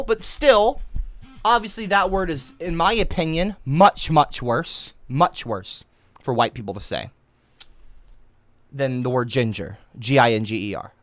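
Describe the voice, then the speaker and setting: A woman's voice: sits low, dry recording. Woman streamer, comic rant, indignant, dry close sound. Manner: indignant, swings into shouted outbursts. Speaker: livestreamer. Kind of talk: comedic livestream rant.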